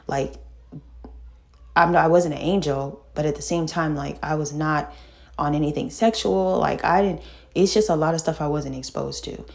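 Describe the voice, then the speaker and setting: A middle-aged woman telling a painful personal story in casual talk, halting and full of fillers and restarts, sighing and shaken. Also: deep voice, creaky, a little mellow. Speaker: vlogger telling her own story.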